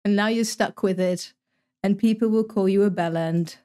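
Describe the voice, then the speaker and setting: A woman's voice: medium pitch, fairly even intonation, moderate pace, mellow. A young Dutch woman with a Dutch accent, chatting casually as she streams a game, reading chat aloud and answering with wry asides. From Netherlands. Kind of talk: casual gameplay commentary to live chat.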